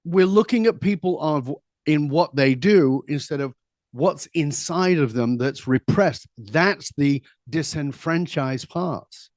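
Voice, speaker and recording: A middle-aged man speaking as an interview guest, his voice sitting a little higher than most men's. He tells his stories with animated energy, quick asides and easy laughter. The sound is dry and close, with no room echo. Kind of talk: conversational storytelling.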